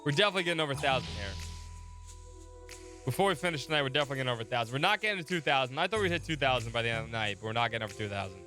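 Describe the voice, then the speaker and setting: Bright-voiced man chatting on a game stream. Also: mid-range voice, lively intonation, racing, faint music behind. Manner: chatty, joking, counting along. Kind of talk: casual game livestream commentary.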